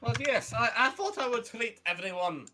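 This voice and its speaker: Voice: mid-range voice, animated, normal speed, heavy background noise. A player in an online tabletop game, talking casually and hesitantly and laughing often.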